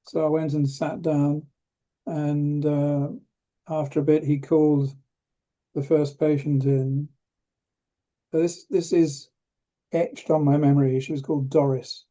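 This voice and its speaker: This older man from England, a retired rheumatology professor, speaks slowly with frequent pauses, a level tone, and a warm, fairly high-pitched voice. As an interview guest telling a reflective story, he hesitates, restarts often, and uses dry humor.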